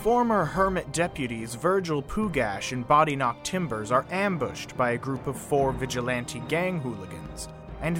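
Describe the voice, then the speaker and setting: A man reading a scripted story recap in a dramatic storybook style. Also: medium pitch. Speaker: narrator.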